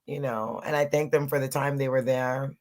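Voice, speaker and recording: A woman's voice: a bass voice, fairly even intonation, moderate pace, a little mellow. A middle-aged woman co-hosting a podcast in casual chat, laughing often and repeating herself for emphasis. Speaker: podcast co-host.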